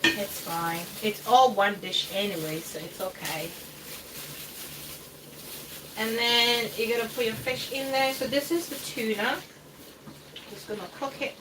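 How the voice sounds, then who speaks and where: A woman's voice: on the high side, a little slow, pauses often. A woman hosting a live cooking stream in her home kitchen, chatting in a rambling way with frequent laughs and hesitant fillers. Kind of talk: casual livestream chat while cooking. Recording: distant mic with faint background noise.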